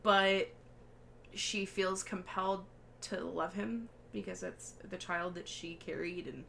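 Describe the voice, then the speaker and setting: A woman's voice: on the low side, steady tone, takes it slowly, creaky, a bit bright, a little hiss or hum. A woman co-hosting a podcast, animatedly retelling a film in casual chat with frequent swearing and laughter. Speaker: podcast co-host.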